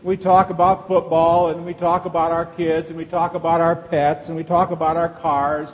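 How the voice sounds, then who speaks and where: A middle-aged man, a pastor, preaching a sermon to his congregation in a conversational way, asking the room rhetorical questions. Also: fairly high pitch. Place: church sanctuary. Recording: long reverb of a large church hall.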